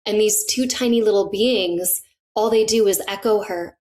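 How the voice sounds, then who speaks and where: Middle-aged woman, podcast guest, animated, eager storyteller. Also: medium pitch, moderate pace. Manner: enthusiastic, animated, laughs often. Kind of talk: casual storytelling in conversation.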